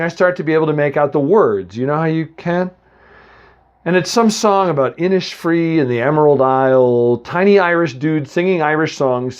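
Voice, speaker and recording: A man's voice: on the high side, lo-fi sound. A man from the Boston area reading a comic first-person story, rambling and chatty with lots of asides to the listener.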